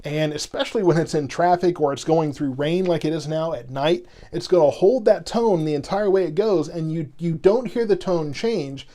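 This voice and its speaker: A man's voice: a little high, normal speed, hardly any pauses, dark tone. A man hosting live severe weather coverage, explaining at length to viewers with many restarts and repetitions. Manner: rambling, repeats himself, explains patiently to chat. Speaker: weather stream host.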